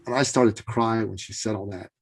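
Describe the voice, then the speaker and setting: Animated man telling a story, many fillers. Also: lowish voice, brisk, husky. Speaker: interview guest. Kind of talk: casual storytelling in an interview.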